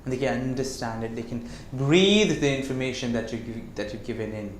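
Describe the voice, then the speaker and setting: A man giving a lesson on communication skills, who slows down to stress his words and keeps asking the listener rhetorical questions. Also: medium pitch, a little hiss or hum. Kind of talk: classroom-style lecture. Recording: echoey room.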